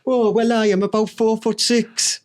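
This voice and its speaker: A man's voice: sits high, flat delivery, moderate pace. A Teesside man co-hosting a comedy podcast, telling rambling, enthusiastic stories. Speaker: podcast co-host.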